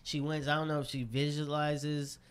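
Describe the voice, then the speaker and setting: A man co-hosting a radio show in casual chat, telling animated joking stories on a studio microphone. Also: a little high, normal speed, smooth. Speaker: radio co-host.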